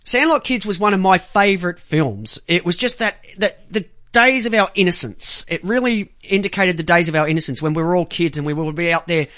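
Aussie radio host guy rambling on air, lots of ums, bright kinda high voice, dry close mic. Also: brisk, few pauses, no room sound. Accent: Australian. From Australia. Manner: rambling, many ums and restarts, swears freely. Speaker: radio talk show host. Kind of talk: casual talk radio monologue.

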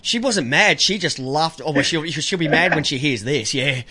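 Aussie male radio host, high lively voice, joking banter, laughs a lot. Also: normal speed, a loud crowd. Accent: Australian. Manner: joking, laughs often, acts out voices in anecdotes. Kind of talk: casual on-air banter.

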